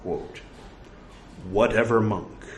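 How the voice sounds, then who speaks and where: Guy slowly reading old scripture out loud, says "quote" and "end quote", roomy echo, faint hiss. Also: on the low side, steady tone. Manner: deliberate reading, voicing quote marks and punctuation. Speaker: scripture reciter. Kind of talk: reading translated Buddhist scripture aloud. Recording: echoey room with faint noise.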